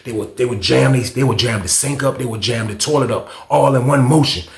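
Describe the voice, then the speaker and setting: Brief: male vlogger, gravelly, loose and profane storyteller, roomy echo. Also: mid-range voice, a little fast. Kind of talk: casual storytime.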